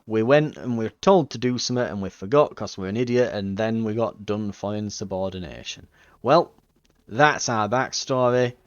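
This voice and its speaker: A man's voice: lowish voice, normal speed, clean tone, dry recording, lo-fi sound. An English man hosting a let's play, giving casual gameplay commentary with chatty, joking asides.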